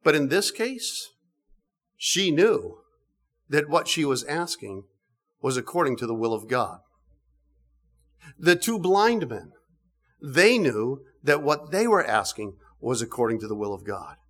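A middle-aged man preaching a sermon, animated, with emphatic bursts and frequent restarts. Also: medium pitch, a little slow, long pauses.

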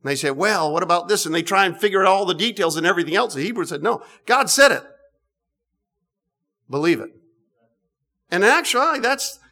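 Male preacher, middle-aged, slightly high-pitched, animated sermon delivery with restarts. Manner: animated, rising to emphatic bursts, many restarts.

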